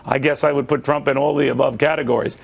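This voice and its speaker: Joking, gravelly male news host. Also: medium pitch, flat delivery. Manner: quick, joking, conversational. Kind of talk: cable news interview.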